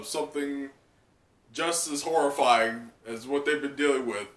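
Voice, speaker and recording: A man hosting a casual live reaction, excitable and laughing often, with plenty of fillers and swearing. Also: medium pitch. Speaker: channel host. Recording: echoey room, mic at a distance.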